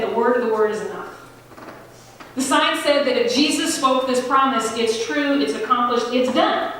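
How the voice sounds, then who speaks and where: High-voiced woman preaching in an echoey hall. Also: a bit bright, recorded from a distance, slight background noise. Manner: emphatic, conversational preaching with slow stressed phrases. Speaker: pastor. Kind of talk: sermon. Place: large church sanctuary.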